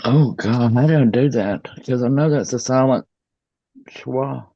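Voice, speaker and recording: Hesitant male learner, slow and halting, dark tone, dull call audio. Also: mid-range voice, no echo. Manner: hesitant, halting, sounds out words with restarts. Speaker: student. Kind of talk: reading aloud in an online class. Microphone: video call.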